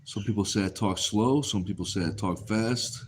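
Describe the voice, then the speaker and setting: A man's voice: on the low side, moderate pace, slight background noise. A man hosting a casual livestream, reading viewer comments aloud and answering in an easygoing way, often saying a phrase twice. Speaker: livestream host.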